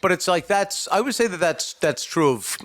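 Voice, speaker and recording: A man's voice: sits high, animated, normal speed, a bit bright. A man co-hosting a podcast, giving his opinions in casual chat, debating and swearing freely. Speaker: podcast co-host.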